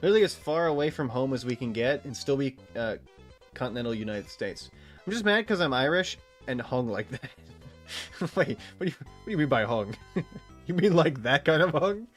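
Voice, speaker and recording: A man's voice: mid-range voice, lively intonation, moderate pace, soft background music. A man from Texas giving casual, rambling gameplay commentary as a streamer, swearing freely and laughing often.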